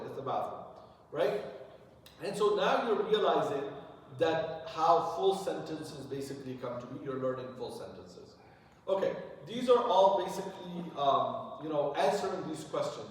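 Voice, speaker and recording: A man's voice: a little high, expressive, normal speed. A man teaching a classroom lesson, explaining patiently and often checking with "right?". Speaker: Arabic teacher. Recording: echoey room from far off.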